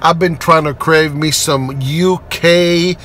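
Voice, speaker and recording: Excitable high-voiced man reviewing food. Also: slow, slight background noise. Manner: excitable and playful, punning, bursts of high-pitched exclamation. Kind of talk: casual food review vlog.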